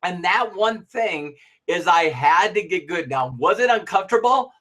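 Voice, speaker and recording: A man's voice: high-pitched, lively intonation, normal speed, fairly bright tone. A middle-aged man giving a motivational talk, acting out little dialogues and laughing as he goes. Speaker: motivational speaker.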